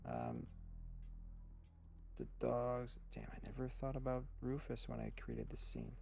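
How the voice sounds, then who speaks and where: A man narrating as game master, describing scenes in a relaxed way with frequent restarts. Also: medium pitch, a little slow, vocal fry, slight background noise.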